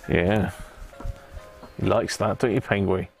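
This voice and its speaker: A man's voice: lowish voice, creaky. A man hosting a casual livestream, chatting with viewers and greeting them by name, laughing often. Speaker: livestream host. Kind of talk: casual live chat with viewers.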